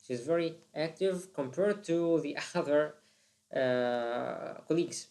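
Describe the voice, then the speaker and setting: A teacher talks through a lesson at an unhurried, deliberate pace. The delivery is halting, full of "uh" fillers, and often circles back to restart a phrase. The pitch sits in an ordinary middle register. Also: darkish tone. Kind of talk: explaining a lesson.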